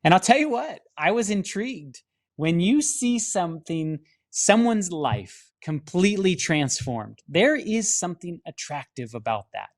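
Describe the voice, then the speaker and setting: A man's voice: high voice, big pitch swings, unhurried. A man, a film studio director, telling his personal faith testimony in an earnest storytelling manner, often restarting his sentences. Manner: earnest storytelling with many restarts and dramatic acted-out quotes.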